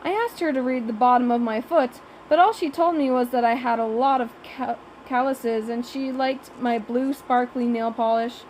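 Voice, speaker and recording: A woman's voice: fairly high pitch, normal speed, darkish tone, a little hiss or hum, low-quality recording. A woman narrating an audiobook in the first person, with a wry, sarcastic young voice.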